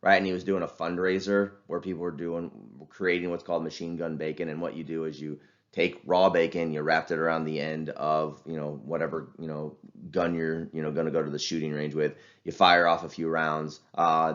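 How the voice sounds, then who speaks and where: A man's voice: extremely low pitch, flat delivery, fairly quick, a bit bright, lo-fi sound. A man lecturing a class in a casual, conversational way, with many fillers and restarts.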